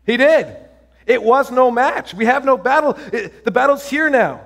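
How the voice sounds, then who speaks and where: Guy preaching, pretty high voice, gets super excited telling stories, keeps restarting sentences. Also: moderate pace, gravelly. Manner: excited, storytelling, many restarts and fillers. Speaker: pastor. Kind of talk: sermon.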